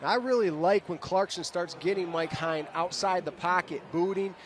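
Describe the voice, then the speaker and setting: Speaking at normal speed in a high voice, a Michigan-accented man who once played linebacker calls live football as color commentator. He's coaching-minded, explaining plays and ending lines with "right?", and the booth picks up stadium noise.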